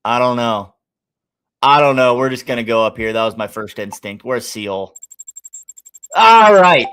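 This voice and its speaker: A man's voice: medium pitch, level tone, normal speed, smooth. Chatty Midwestern man hosting a stream. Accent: Midwestern American. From American Midwest. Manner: chatty, thinking aloud, shouting out chat members. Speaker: sports betting stream host. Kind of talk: casual live-stream chat.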